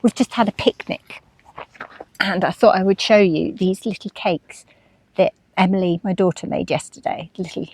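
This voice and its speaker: A woman's voice: mid-range voice, normal speed, a little mellow, breathy edge, dry recording. A woman vlogger talking casually, chatty and acting out her own inner voices. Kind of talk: casual chat.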